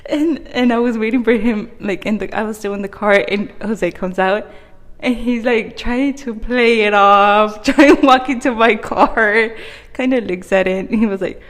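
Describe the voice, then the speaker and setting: A woman's voice: fairly high pitch, moderate pace. A young woman co-hosting a podcast, telling a story in casual chat and laughing often. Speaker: podcast co-host. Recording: roomy hall reverb.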